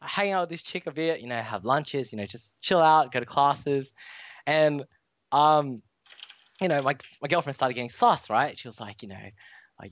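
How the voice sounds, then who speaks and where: A man's voice: medium pitch, expressive, normal speed, a bit bright, no room sound. A young Australian man telling a long story as a podcast guest, rambling with lots of fillers. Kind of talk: casual storytelling. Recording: dull dry sound.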